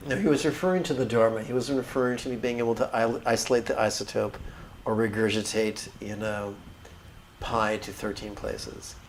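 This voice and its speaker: A man's voice: lowish voice, fairly even intonation, moderate pace, a little hiss or hum. Emphatic male meditation teacher. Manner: emphatic, humorous, with repetitions and asides. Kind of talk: livestreamed dharma talk.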